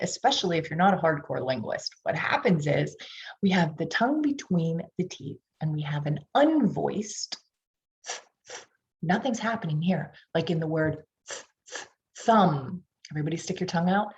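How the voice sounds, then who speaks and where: Reading specialist, woman, Pittsburgh accent, lowish voice, demonstrating sounds for tutors. Dull lo-fi audio. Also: lively intonation, normal speed, darkish tone. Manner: demonstrates sounds, coaches the audience to repeat. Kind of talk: tutor training lecture. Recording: dull lo-fi online session audio.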